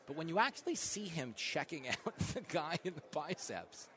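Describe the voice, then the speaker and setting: Animated joking radio host, man. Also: fairly high pitch, a little hiss or hum. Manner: fast joking riffs, big swings in loudness. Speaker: radio talk show host. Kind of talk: comedic talk radio monologue. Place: live event venue.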